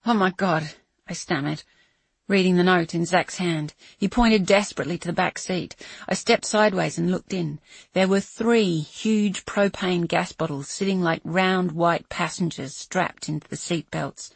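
Woman narrator, husky and dry, measured dramatic thriller reading. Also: on the low side, no echo. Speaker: audiobook narrator. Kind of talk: scripted narration.

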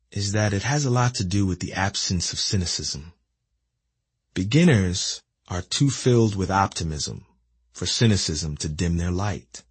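A man in his thirties from Philadelphia reads his memoir aloud in a reflective, measured way. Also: lowish voice, husky, dry recording. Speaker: narrator reading his memoir. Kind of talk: audiobook memoir narration.

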